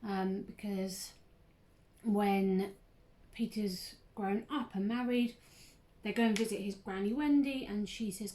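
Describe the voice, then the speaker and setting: A woman's voice: mid-range voice, steady tone, slow, mellow. A chatty, bubbly young woman who laughs a lot and says "um" often, hosting a casual crafting tutorial vlog. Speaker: craft channel host.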